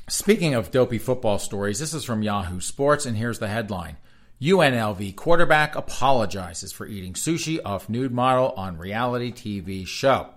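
A man's voice: mid-range voice, moderate pace. A man hosting a talk show, reading news articles aloud and breaking off into sarcastic, mocking asides. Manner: sarcastic, mocking asides between read-outs; reads articles aloud in a flat news cadence. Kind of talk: casual commentary reading headlines aloud.

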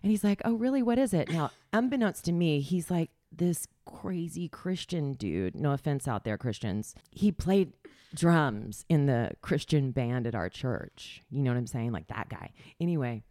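A woman's voice: rumbling low, animated, measured pace, dark tone, dry recording, studio quality. A middle-aged woman candidly telling her life story in a casual chat, laughing often and sometimes dropping to a near whisper.

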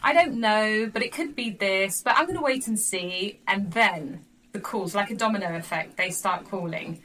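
Bright-voiced woman chatting on a call. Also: medium pitch, normal speed, low-quality recording. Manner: chatty, restarts a lot, acts out voices in anecdotes. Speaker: podcast co-host. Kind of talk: casual chat. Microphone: video call.

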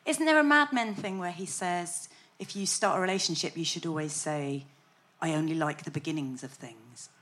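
A woman comedian chatting before a live audience, animated and self-deprecating, laughing often. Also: on the low side, moderate pace.

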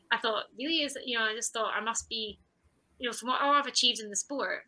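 Her voice runs on the high side, a little fast, bright and forceful, as this woman athlete in her thirties recounts her story for a podcast. Candid and reflective, she laughs often and repeats what she told herself. The audio is poor.

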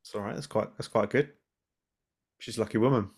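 A man co-hosting a casual podcast chat, rambling through anecdotes and getting animated as he laughs. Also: fairly low pitch, fairly quick, breathy edge. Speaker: podcast co-host.

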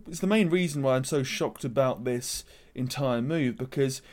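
A man co-hosts a casual motorsport podcast, chatty and opinionated as he presents the news before handing over. His voice is medium-pitched and a little mellow, at a moderate pace.

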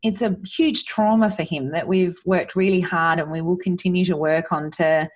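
A woman's voice: on the low side, steady tone, moderate pace. A woman as a podcast guest, talking earnestly and from the heart about her son, with many restarts and fillers. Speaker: guest, mother sharing her son's recovery. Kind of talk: emotional podcast conversation.

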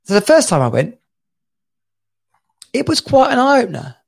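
A man's voice: very high-pitched, normal speed, gravelly, husky. A man in his forties from England, co-hosting a casual chat and telling stories animatedly with frequent laughter. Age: 40s. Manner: animated storytelling, laughs a lot. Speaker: podcast co-host.

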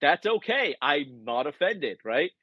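A man's voice: on the high side, a little slow, slightly rough, no echo, highs cut off. A man telling a story in a casual podcast conversation, acting out the quoted lines as he goes. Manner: animated storyteller, acts out quoted dialogue. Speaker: guest, author.

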